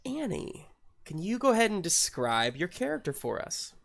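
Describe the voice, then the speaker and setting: A woman narrating as game master of a tabletop game, halting often with fillers and laughter. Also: lowish voice, big pitch swings, gravelly.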